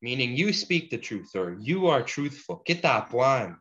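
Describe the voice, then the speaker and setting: Relaxed male language teacher. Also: mid-range voice. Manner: slow deliberate pronunciation drills, casual fillers. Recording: dull lo-fi sound.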